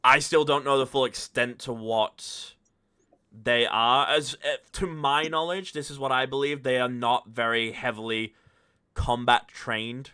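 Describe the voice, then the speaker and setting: A man with a bright, forceful voice talks over a tabletop game session just played. He is chatty and now and then boasts in jest. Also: mid-range voice, steady tone, measured pace, clear, resonant tone. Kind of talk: casual post-game discussion.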